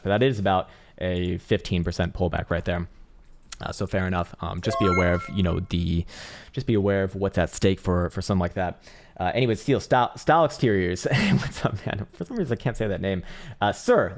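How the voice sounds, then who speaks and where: A man casually analyzing trading charts on a live stream, rambling, swearing freely and laughing as he reads viewer messages aloud. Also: low-pitched.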